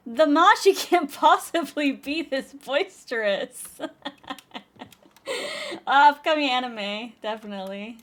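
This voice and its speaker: A woman's voice: sits high, slow. A young woman hosting a casual livestream from home on a desk microphone, chatty and giggly as she answers her chat. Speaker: livestream host.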